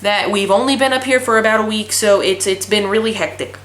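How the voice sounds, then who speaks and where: A woman's voice: mid-range voice, brisk, fairly bright tone. A young woman in her twenties vlogging casually, telling a story in a blunt, profane ranting way. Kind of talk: casual chat. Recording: echoey room.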